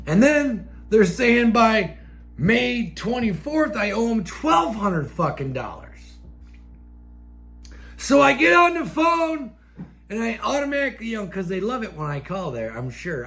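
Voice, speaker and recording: A man hosting a show, delivering a profane, angry rant that keeps flaring into shouts. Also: on the high side. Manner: angry, swears constantly, flares into shouts. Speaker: show host. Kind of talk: profane ranting monologue.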